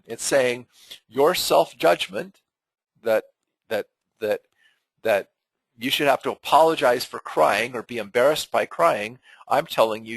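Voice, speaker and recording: Husky, gravelly man explaining earnestly. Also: medium pitch, fairly bright tone, no room sound, rough recording. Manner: conversational and earnest, with frequent fillers and repeated words. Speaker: teacher of an online member webinar. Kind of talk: unscripted webinar teaching.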